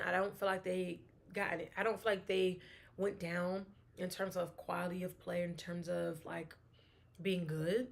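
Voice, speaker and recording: A woman's voice: lowish voice, vocal fry. Chatty woman hosting a sports show. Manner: chatty, laughing, thinking aloud with restarts. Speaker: sports talk host. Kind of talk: casual solo sports chat.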